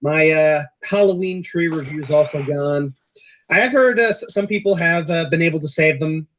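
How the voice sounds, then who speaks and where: A man's voice: fairly high pitch, normal speed, fairly bright tone, a little hiss or hum. A young man who talks hesitantly and trips over his words, chatting as a livestream guest. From United States. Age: young adult. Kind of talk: casual livestream chat. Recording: dull lo-fi stream audio.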